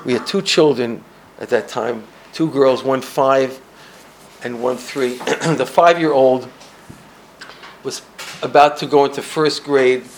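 An older man from the United States telling a personal story, swinging between loud bursts and hushed asides. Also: medium pitch, takes it slowly, long pauses, a little hiss or hum.

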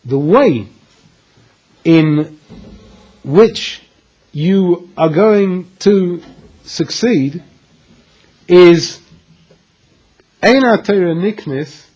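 Husky, lively man telling a story. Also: sits high, low-quality recording. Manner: animated storyteller acting out dialogue with dramatic pauses. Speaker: Torah teacher. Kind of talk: storytelling Torah lecture.

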